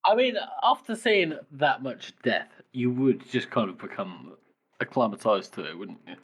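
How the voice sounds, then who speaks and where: Lively-pitched man discussing a book. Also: moderate pace, breathy edge. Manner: enthusiastic, with voice jumping up for quoted lines. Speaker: podcast co-host. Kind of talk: casual book-discussion chat.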